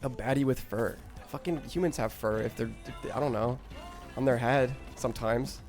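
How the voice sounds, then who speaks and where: A man's voice: mid-range voice, steady tone, normal speed, a little mellow, faint music behind. Rambling, stammering male streamer. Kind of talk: crude casual stream chat.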